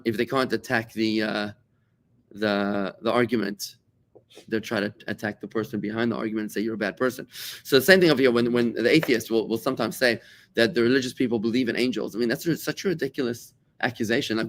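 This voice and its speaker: Male rabbi, middle-aged, from South Africa; lively conversational teacher who repeats words and acts out other people's lines. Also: mid-range voice. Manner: animated, repeats words, acts out quoted voices. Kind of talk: conversational Torah class.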